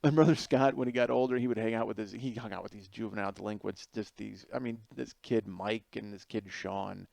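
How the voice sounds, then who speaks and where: A middle-aged man hosting a podcast, telling a comedic story in an animated way, swearing freely and laughing through the punchlines. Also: lowish voice, brisk, vocal fry, hardly any pauses, dry recording. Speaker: podcast host.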